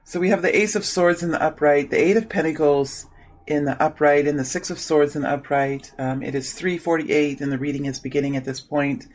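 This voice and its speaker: A man with a slightly high voice gives a solo tarot reading. He speaks softly in his morning voice and repeats his invocations over and over as he shuffles the cards. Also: fairly even intonation, a little fast, low-quality recording. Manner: soft-spoken, repeats invocations while shuffling. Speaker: tarot reader.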